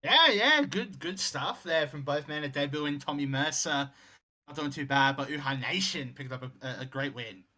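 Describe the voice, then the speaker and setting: A man's voice: medium pitch, normal speed. A man co-hosting a casual wrestling game commentary with lots of fillers. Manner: animated, filler-heavy chat. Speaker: co-host.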